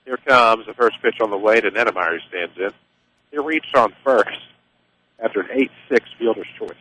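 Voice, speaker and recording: A man calling play-by-play for a high school baseball game on local radio, easygoing and chatty. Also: normal speed, a little hiss or hum, poor audio. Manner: easygoing, chatty, excited on big plays. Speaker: play-by-play announcer.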